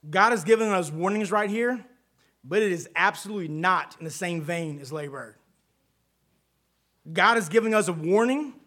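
A man's voice: high voice, a bit bright. A man preaching a casual, conversational sermon, folksy and chatty with asides and frequent check-ins with his listeners.

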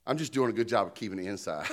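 A man's voice: fairly low pitch, a little hiss or hum. A man preaching a sermon in a conversational, joking style, calling out to the congregation for responses and an amen. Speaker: pastor.

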